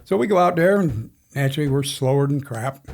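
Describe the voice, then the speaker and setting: A man's voice: mid-range voice, animated, a little fast, gravelly, darkish tone. A man in his sixties, a racing crew chief, telling rambling stories in a casual interview with frequent chuckles. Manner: rambling anecdotal storyteller, chuckles often. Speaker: NASCAR crew chief guest.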